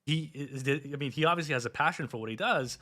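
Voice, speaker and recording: A man with a bright, forceful voice hosts a relaxed interview. He asks long, winding questions, often stumbling and repeating his words as he thinks aloud. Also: on the high side, fast talker. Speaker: interview host. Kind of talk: casual interview chat.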